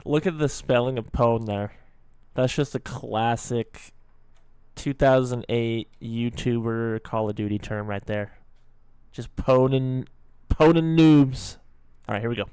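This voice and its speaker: A young man in his twenties talks through a reaction video in a smooth, clear voice. He chats casually, pausing to explain lines and crack jokes, close to the mic with a dry sound. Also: mid-range voice, steady tone, darkish tone, no echo. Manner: chatty, stops to explain and joke.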